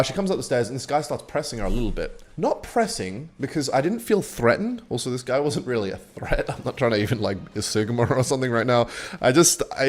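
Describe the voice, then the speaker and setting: A young man telling a long story while he plays a game on stream, relaxed and rambling. He swears freely and talks at an ordinary pitch with plenty of fillers. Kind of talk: casual storytelling while gaming.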